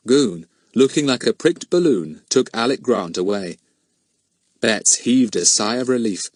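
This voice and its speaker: A man narrating a children's storybook as an audiobook, expressive and measured. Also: medium pitch, no room sound, clean studio sound.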